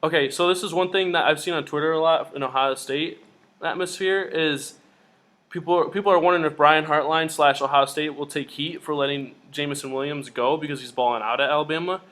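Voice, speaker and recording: An excitable young man chats about college football as a podcast co-host. His voice sits a little high. He talks fast and gets worked up. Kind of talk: casual sports chat.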